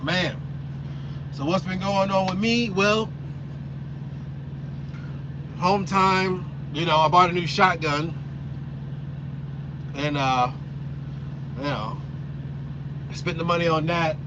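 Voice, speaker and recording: A man's voice: sits high, slow, long pauses, muffled recording, noisy background. A man, a trucker, chatting loosely and rambling with lots of slang during a live stream from his truck cab. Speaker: trucker vlogger. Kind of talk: casual live stream chat.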